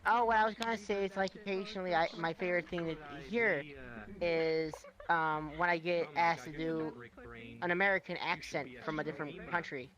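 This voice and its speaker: Higher-pitched guy on voice chat, rambling, casual, headset mic. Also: fairly even intonation, normal speed, fairly bright tone, muffled recording. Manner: rambling storyteller. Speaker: guest.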